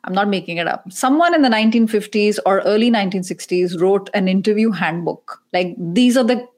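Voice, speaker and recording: A woman's voice: medium pitch, brisk, darkish tone. A woman career coach and podcast host talking animatedly in a casual panel discussion, joking and exasperated.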